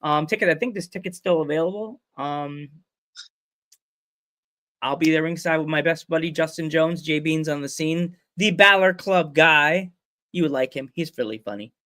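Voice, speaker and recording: A man's voice: fairly high pitch, moderate pace, sharp tone, no room sound, clean studio sound. An American man hosting a casual podcast over a remote call, chatty and rambling, laughing often. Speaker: podcast host. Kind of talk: casual chat. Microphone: remote call mic.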